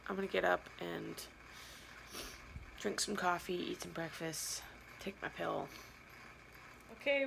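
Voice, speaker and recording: A woman's voice: fairly high pitch, a little hiss or hum, low-quality recording. A young woman talking candidly in a personal vlog diary, rambling and confessional. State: near tears, anxious. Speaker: vlogger.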